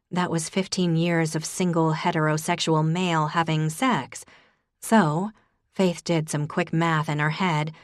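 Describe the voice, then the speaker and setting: Woman audiobook narrator, low-pitched, wry and conversational, close dry mic. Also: no room sound. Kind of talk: scripted narration.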